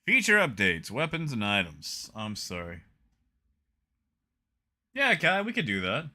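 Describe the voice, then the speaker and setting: A man's voice: mid-range voice, wildly swooping pitch, measured pace, bright, forceful tone. A young man streaming a video game, chatting casually with his viewers and reading patch notes aloud with dry, wry jokes. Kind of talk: casual live-stream chat.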